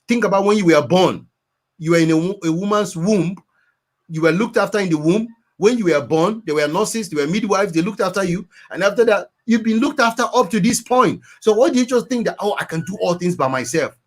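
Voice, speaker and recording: Earnest advice-giving man with a slightly high voice, preachy, repeats himself for effect. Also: a little fast. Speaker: guest counselor. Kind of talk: advice talk.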